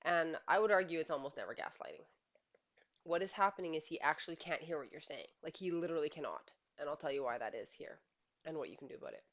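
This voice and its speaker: A woman's voice: deep voice, lo-fi sound. A woman relationship coach giving earnest, emphatic advice straight to camera, often asking rhetorical questions. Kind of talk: direct-to-camera advice monologue.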